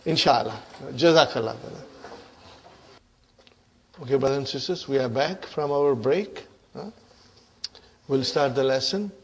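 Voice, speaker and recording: A man's voice: mid-range voice, unhurried, pauses often, slightly rough. A middle-aged man teaching an Arabic grammar class in English, often checking whether the students follow and laughing between points. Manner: repeats "are you with me" and "huh" to check the class.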